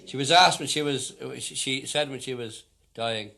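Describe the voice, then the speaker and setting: A man's voice: mid-range voice, normal speed, few pauses, bright, forceful tone. An Irish man in wry, joking spoken patter between folk songs, his speech slightly mumbled. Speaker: folk singer.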